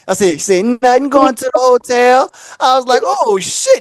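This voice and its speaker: A man's voice: extremely high pitch, expressive, normal speed, no echo. A man co-hosting a podcast, spinning long stories in casual chat. He acts out every quote and laughs as he goes. His voice sits dry and close to the mic. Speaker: podcast co-host. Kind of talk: casual storytelling.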